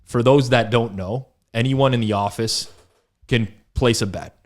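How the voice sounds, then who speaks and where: A man co-hosting a sports betting podcast, telling stories in a casual, animated way, laughing often and acting out what people said. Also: medium pitch, unhurried. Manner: animated storyteller, laughs often, acts out quotes. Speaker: podcast co-host. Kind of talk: casual chat.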